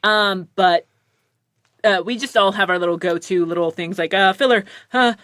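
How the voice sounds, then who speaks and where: A woman hosting a casual podcast chat, speaking with a slight lisp and animated, lively delivery. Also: mid-range voice, normal speed, dry recording, clean studio sound. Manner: lively, animated, full of acted-out quotes. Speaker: podcast host.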